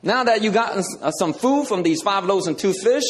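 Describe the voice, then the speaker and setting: A preacher doing an exasperated man who complains in a folksy way about washing thousands of feet. The voice rises well above a man's usual pitch and turns loud and whiny. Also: animated, normal speed. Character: weary grumbling man asked to wash crowds' feet.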